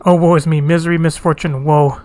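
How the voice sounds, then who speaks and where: A man's voice: fairly high pitch, level tone, fairly quick, a little mellow, faint music behind, natural voice. A man voicing a wailing, self-pitying male kobold that repeats itself in strings of synonyms. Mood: woeful.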